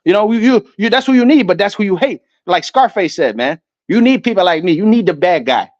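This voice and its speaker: A man giving a ranting commentary, loud and emphatic, stumbling over repeated words as he reads definitions aloud. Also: sits high, lively intonation, brisk, no echo. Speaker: online commentator. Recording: dull lo-fi dry sound.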